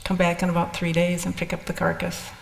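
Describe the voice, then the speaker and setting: A woman's voice: on the low side, completely flat delivery, fairly quick, creaky. An older woman telling her personal story in a candid, rambling way, with restarts and asides. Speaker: speaker sharing experiences. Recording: echoey hall with long reverb.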